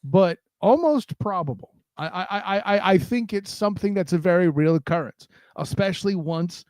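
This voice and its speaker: A man co-hosting a football podcast in loose, casual chat. His voice sits high for a man, and it sounds close and dry. He rambles, stumbling over repeated words before he lands his point. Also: expressive, normal speed, a little mellow, no room sound. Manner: rambling, with frequent stammered restarts. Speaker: podcast co-host. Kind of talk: casual sports talk.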